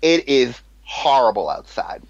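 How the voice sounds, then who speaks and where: A man's voice: medium pitch, unhurried, creaky, no room sound. Casual male storyteller, swears a lot, laughs at himself, dry muffled recording. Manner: animated, profane, laughing at his own story. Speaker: storyteller, former cinema manager. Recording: dull lo-fi sound.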